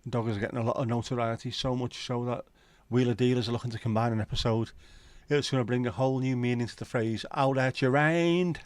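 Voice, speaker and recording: Talking fast with hardly any pauses, a middle-aged man hosts a livestream in a medium-pitched, darkish voice that barely moves in pitch. There's no room sound. He rambles through jokey banter like he's down the pub, reading out the chat as he goes.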